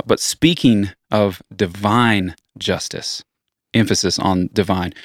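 A man with a very deep voice leads the conversation, agreeing with his guest and asking measured follow-up questions. His voice sounds dry and close to the mic. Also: dry recording. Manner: measured, affirming, poses questions. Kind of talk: conversational theology discussion.

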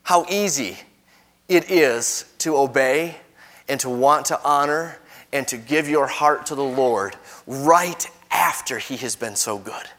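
A man preaching a sermon, reading scripture aloud and explaining it, his voice climbing for quoted lines and falling soft at the ends of phrases. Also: medium pitch, slow pace. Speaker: pastor. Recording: long hall reverb.

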